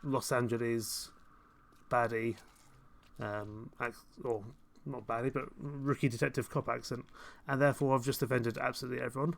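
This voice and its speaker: A man's voice: medium pitch, flat delivery, normal speed, vocal fry. A young man chatting through a live gameplay stream, rambling and self-mocking, chuckling often. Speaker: game streamer. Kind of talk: casual live gameplay commentary.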